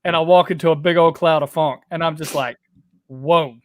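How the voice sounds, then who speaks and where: A man's voice: a little high, steady tone, fast, no echo, studio quality. A man co-hosting a podcast at home, chiming in with crude, laid-back banter. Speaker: podcast co-host. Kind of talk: casual chat.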